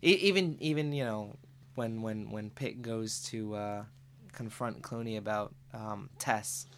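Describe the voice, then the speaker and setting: A man's voice: lowish voice, unhurried, gravelly, a bit bright, slight background noise. A man talking about a movie on a casual podcast, laid back and repeating himself. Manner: laid-back, repeats words, "you know what I mean".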